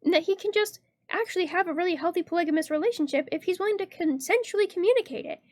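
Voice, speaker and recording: A woman's voice: extremely high pitch, racing, no room sound, clean studio sound. A woman streaming a horror game, chatting casually, reading out comments and rambling through her theories with frequent laughs. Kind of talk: casual let's-play chat.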